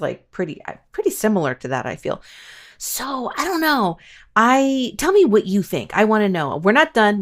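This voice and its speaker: A woman's voice: on the low side, a bit bright. Chatty self-mocking woman podcast host. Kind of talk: casual podcast chat and reading news quotes.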